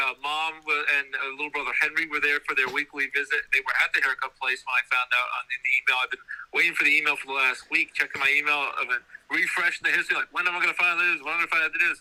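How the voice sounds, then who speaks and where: Fast, bright-voiced man chatting on air. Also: medium pitch, low-quality recording. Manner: eager, rambling storytelling. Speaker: guest, new college baseball coach. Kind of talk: casual radio chat.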